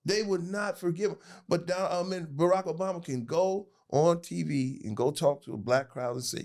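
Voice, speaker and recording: A man talking as a podcast guest in casual political chat, animated and laughing, with a knack for mimicking voices. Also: a little high, moderate pace, few pauses.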